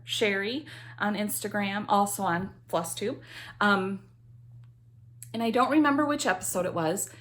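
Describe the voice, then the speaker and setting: Slow, chatty woman vlogger. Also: mid-range voice, a bit bright. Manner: chatty, rambling, many ums. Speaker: cross stitch vlogger. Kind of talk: casual chat to camera.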